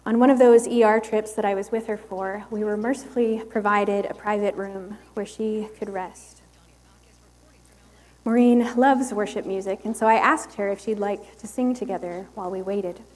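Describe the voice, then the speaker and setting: Slow, measured woman preaching in a hall. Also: on the high side, darkish tone. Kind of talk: sermon.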